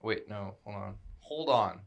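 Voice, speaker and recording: A man's voice: fairly low pitch, unhurried, creaky. A young man playing in a tabletop game, chatting casually and joking. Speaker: player. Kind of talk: casual chat.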